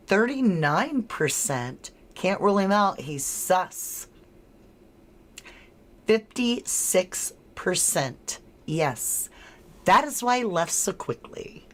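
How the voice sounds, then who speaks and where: A woman hosting a true-crime livestream, chatting with viewers, reading their comments aloud and running a poll, laughing often. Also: lowish voice. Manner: chatty and unhurried, laughs often, drawn-out words. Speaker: livestream host.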